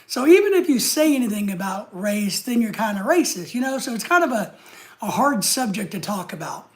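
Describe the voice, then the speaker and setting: A man's voice: sits high, big pitch swings, a little fast. A man hosting a live stream, chatting casually and answering viewer comments in an easygoing way. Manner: easygoing, chatty, talks straight to the chat.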